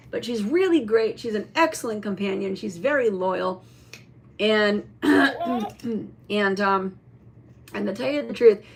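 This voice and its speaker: A woman in a casual show-and-tell vlog, chatting about a toy with many fillers and some throat-clearing. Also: medium pitch, slight background noise. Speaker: vlogger showing a toy.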